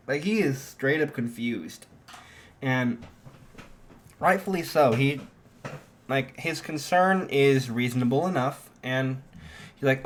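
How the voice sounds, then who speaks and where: A man's voice: medium pitch, a little slow, fairly bright tone. A man improvising a fan-fiction story aloud, rambling with many fillers and restarts.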